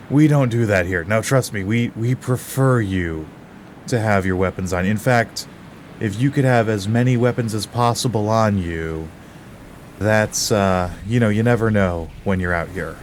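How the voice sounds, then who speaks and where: A man's voice: on the low side, a little slow, a little hiss or hum, lightly acted. A man playing a friendly, rambling town guard in a tabletop game. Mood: easygoing.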